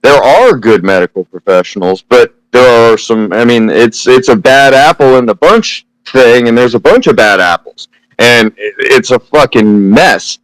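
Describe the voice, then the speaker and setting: A man's voice: medium pitch, measured pace, no room sound, low-quality recording. A man speaking as a podcast guest, blunt and profane in casual chat.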